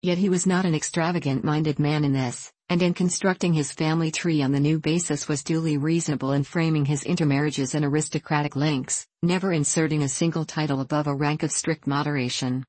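A woman narrating a classic novel in a measured, even reading. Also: deep voice, no echo. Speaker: audiobook narrator. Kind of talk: scripted narration.

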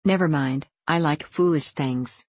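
A woman reading the part of a bold young gentleman who talks in a bland, coaxing way. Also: low-pitched, measured pace, husky, no room sound.

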